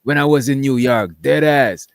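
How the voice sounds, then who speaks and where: A man from Guyana co-hosts a casual podcast, his stories loose, rambling and full of slang. His voice sits at an ordinary pitch. The sound is dry and close-miked. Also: moderate pace, dry recording. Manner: laid-back, slangy, rambling storytelling. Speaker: podcast co-host. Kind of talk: casual chat.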